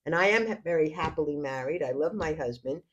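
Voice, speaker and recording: Her voice is deep and husky, brisk in pace, with the highs cut off: an older grandmother chatting casually at home as a podcast guest. She's a lively, boasting storyteller sharing funny tales amid plenty of laughter.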